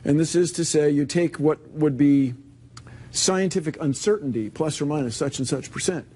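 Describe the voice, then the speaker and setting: Mellow-voiced man explaining calmly. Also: fairly high pitch, moderate pace. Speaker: interview guest. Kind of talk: conversational interview.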